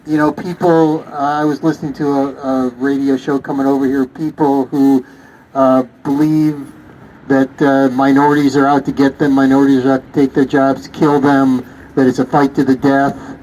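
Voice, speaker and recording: A man's voice: medium pitch, level tone, moderate pace, darkish tone, a little hiss or hum, poor audio. A man at a vigil speaking sadly and reflectively to the crowd. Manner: sad, reflective. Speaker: vigil attendee. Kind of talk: impromptu remarks to a crowd.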